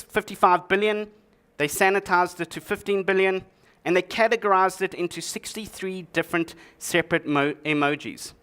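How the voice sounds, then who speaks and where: A man's voice: high voice, bright, forceful tone, clear, resonant tone. Wry man giving a conference talk. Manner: dry, joking delivery with sarcastic asides. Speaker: conference speaker. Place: conference stage before an audience.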